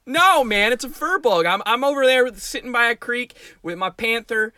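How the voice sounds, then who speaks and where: A man's voice: very high-pitched, lively intonation, normal speed, sharp tone, clean tone, no room sound, studio quality. A man co-hosting a podcast, chatting playfully about tabletop game scenarios and laughing often. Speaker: podcast co-host.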